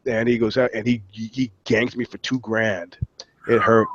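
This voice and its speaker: A man's voice: fairly low pitch, little pitch movement, moderate pace, slight background noise. Profane New man telling stories, lo-fi. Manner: profane storyteller, acts out other people's lines. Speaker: podcast co-host. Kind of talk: casual chat. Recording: dull lo-fi sound.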